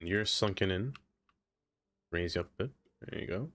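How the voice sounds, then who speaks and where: A man's voice: low voice, expressive, moderate pace, fairly bright tone. A man streaming a game, chatting casually, laughing often and talking to the objects he builds. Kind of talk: casual live-stream chat.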